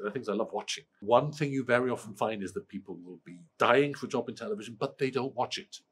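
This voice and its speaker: A middle-aged Welsh man with a cold, answering interview questions in a lively way, often restarting and repeating words. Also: fairly low pitch, breathy edge. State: has a cold. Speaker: screenwriter interviewee.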